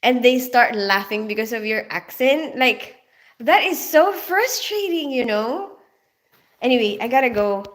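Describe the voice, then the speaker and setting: A woman from the Philippines hosts a casual live chat, laughing and naming viewers as she reads their messages. She speaks with a Filipino accent in a fairly high, expressive voice, a little on the slow side.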